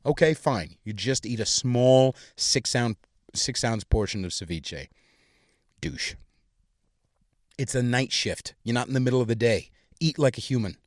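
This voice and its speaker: A man's voice: mid-range voice, animated, a little slow, no room sound, studio quality. A young adult man hosting a podcast, delivering a crude, profane, heated rant. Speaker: podcast host. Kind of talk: crude solo comedic rant.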